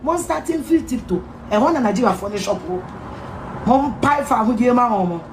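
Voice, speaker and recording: A Ghanaian woman in a heated, insulting rant, repeating herself and shouting at times. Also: a little high, lively intonation, moderate pace. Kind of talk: angry rant to camera. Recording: echoey room with faint music.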